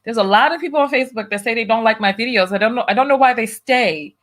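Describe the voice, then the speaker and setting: A woman's voice: fairly high pitch, fast talker. A woman hosting a livestream commentary show. She talks bluntly and emphatically, repeats phrases for weight, and reads viewer donations aloud between her own remarks. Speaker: host of a commentary channel.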